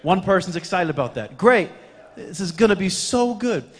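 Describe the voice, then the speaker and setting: A man, a youth pastor, opening his sermon in a relaxed way with self-deprecating humor. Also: sits high, normal speed, husky. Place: church sanctuary. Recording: reverberant church hall with faint music.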